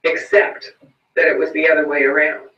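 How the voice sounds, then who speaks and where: A man voicing a calm, composed insurance salesman in a read-aloud story, matter-of-fact. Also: on the high side, moderate pace. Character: calm, composed middle-aged businessman. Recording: roomy, distant, muffled recording.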